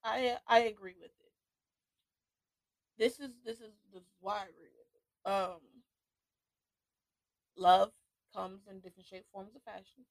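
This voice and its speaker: Woman podcast host, mid-pitch, slow and reflective, dry sound. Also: steady tone, no room sound. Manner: slow, reflective, with restarts and laughter. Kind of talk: casual solo podcast talk.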